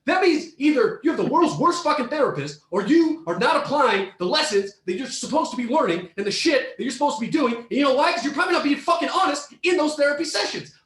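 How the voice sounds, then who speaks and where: Man, podcast rant, swearing and shouting, very high-pitched, roomy echo. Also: expressive, fast, hardly any pauses. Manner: profane, heated, often shouting. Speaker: podcast co-host. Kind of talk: ranting commentary on a reader story.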